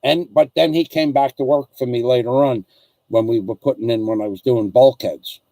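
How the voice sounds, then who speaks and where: A man's voice: mid-range voice, steady tone, normal speed, gravelly, mellow, no echo. A middle-aged man hosting a casual chat, telling rambling stories and reading out viewer comments, often repeating himself as he goes.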